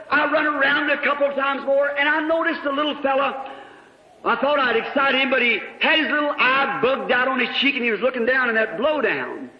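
Man, preacher, very high voice, storytelling sermon, sudden shouts, roomy echo. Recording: echoey hall, muffled old recording.

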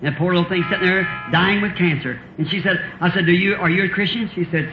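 A man's voice: on the high side, brisk, slight background noise. A man, preaching a sermon in a folksy way, asking rhetorical questions and chuckling often. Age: 50s. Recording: roomy, dull old sermon tape.

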